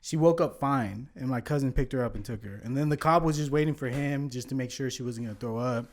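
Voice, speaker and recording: Speaking quickly in a mid-range voice, a male podcast guest recounts a long story casually, full of animation, regular profanity, and acted-out dialogue.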